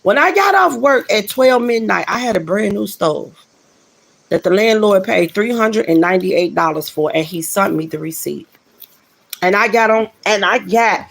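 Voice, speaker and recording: Middle-aged woman, a fry in her voice, giving an earnest, casual spiritual testimony. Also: mid-range voice, normal speed. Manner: earnest, repeats phrases for emphasis, addresses listeners directly.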